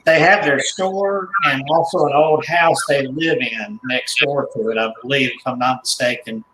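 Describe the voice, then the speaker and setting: A man being interviewed as a guest, speaking in a mid-pitched voice and stopping often to correct himself. His voice rings around an echoey room. A faint hum sits underneath. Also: normal speed. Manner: hesitant, many fillers and self-corrections. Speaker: guest, doll collector. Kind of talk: casual interview.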